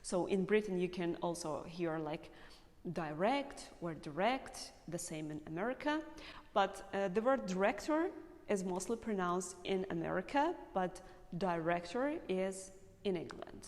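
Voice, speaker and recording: A woman with a fairly low voice teaches English pronunciation. She speaks slowly and carefully, repeating each example word. Her voice trails off into a long room reverb. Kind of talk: explaining pronunciation to learners.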